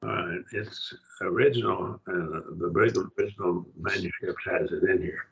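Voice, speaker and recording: A man's voice: deep voice, moderate pace, gravelly, muffled recording, slight background noise. An older man teaching a Greek grammar lesson, patient, checking that his student follows. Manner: patient, explains step by step, checks understanding.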